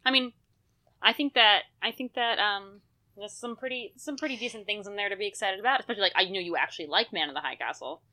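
A woman co-hosts a relaxed podcast, answering with short, encouraging replies. Her voice is very bright and crisp. She sits at a middle pitch. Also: fast talker. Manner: supportive listener, frequent short agreements. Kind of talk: casual podcast chat.

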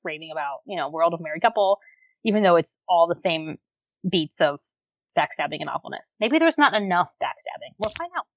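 A woman co-hosting a podcast in casual chat, animated, with lots of fillers and frequent laughter. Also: on the low side, no room sound, highs cut off. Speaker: podcast co-host reviewing dramas.

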